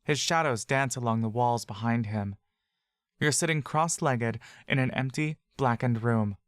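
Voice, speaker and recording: An audio drama narrator reading scripted fantasy narration in the second person, slow and measured. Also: mid-range voice, no echo, studio quality.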